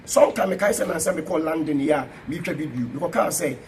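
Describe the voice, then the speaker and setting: A man's voice: on the high side, quick pace, a little hiss or hum, rough recording. A middle-aged Ghanaian man with a fiery, emphatic and repetitive way of talking, giving a confrontational reply to a critic. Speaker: preacher answering a critic. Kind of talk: fiery spoken reply mixing Twi and English.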